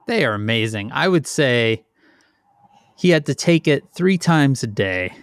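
Middle-aged male podcast co-host, rambling self-deprecating storyteller, winded, mid-pitch, dry close sound. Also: lively intonation, unhurried, clear, resonant tone, dry recording. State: out of breath. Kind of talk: casual chat.

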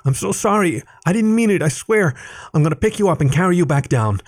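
A man's voice: high-pitched, expressive, fairly quick, voice pushed up. A man voicing an anxious, sarcastic young male cat fresh out of college, reading it as a storybook. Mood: panicked, apologetic. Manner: exasperated and sarcastic.

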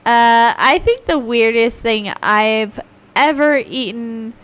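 A woman chatting casually on a live talk show, relaxed and laughing easily. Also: on the high side, takes it slowly. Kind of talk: casual live-stream chat.

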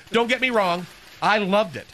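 A flamboyant, catty male receptionist gossips through one-sided phone chats, sharp and bright in tone, as a man acts him out. His voice sits high and lilting for a man. It is a radio comedy sketch bit. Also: animated, slow pace, slight background noise, heavily acted.

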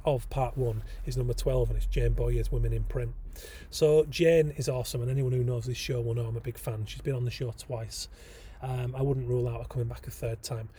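A man's voice: medium pitch, dark tone, slight background noise. A man hosting a casual solo podcast, talking enthusiastically with frequent ums and rambling asides. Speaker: podcast host.

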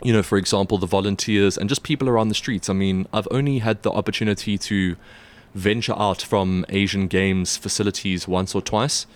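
Chatty man talking sports, slightly low voice. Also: fairly quick, few pauses. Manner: chatty and animated, with frequent fillers and restarts. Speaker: sports reporter co-hosting a podcast. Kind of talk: casual chat.

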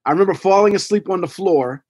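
A man's voice: sits high, quick pace. A man from New York, a guest telling stories in casual chat, acting out quotes and sound effects. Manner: animated storyteller who acts out quotes and sound effects.

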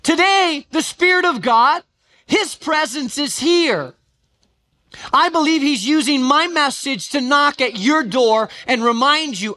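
Bright, high-voiced emphatic preacher. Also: lively intonation. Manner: emphatic, asks questions of the congregation; slows right down for quoted scripture. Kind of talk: sermon.

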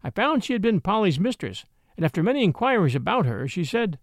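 A man reads a classic story aloud with expressive, scripted narration. His voice sits high and moves through a wide, animated range. The sound is dry and close to the mic. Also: a little fast, no room sound. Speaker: audiobook narrator.

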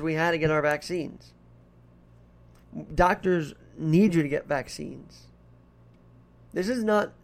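A man's voice: fairly high pitch, vocal fry. A man hosting his own podcast in a put-on Irish brogue, rambling chattily from one topic to the next. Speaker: podcast host. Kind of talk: casual solo podcast monologue.

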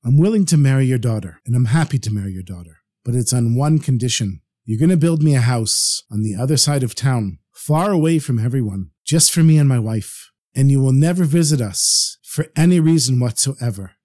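A man storyteller voicing a humble, pious young male scholar who speaks gently and earnestly. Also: mid-range voice, lively intonation, a little fast, hardly any pauses, natural voice.

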